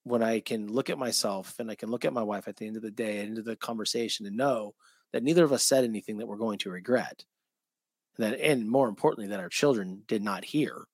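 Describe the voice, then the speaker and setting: A middle-aged man hosting a conversation, talking reflectively and filling pauses with "you know". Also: lowish voice, no room sound. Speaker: podcast host. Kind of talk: casual chat.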